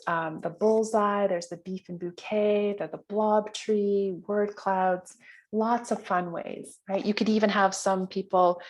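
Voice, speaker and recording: A woman's voice: mid-range voice, darkish tone. Chatty woman leading an online workshop. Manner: chatty, with many fillers and restarts. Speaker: workshop trainer. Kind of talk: online training session. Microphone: video call.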